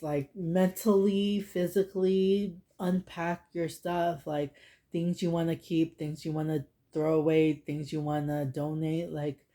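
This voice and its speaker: A woman's voice: low voice, steady tone, unhurried, mellow. A woman in her thirties giving a casual, heartfelt oracle card reading, rambling and filling her talk with "like". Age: 30s. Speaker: tarot and oracle card reader.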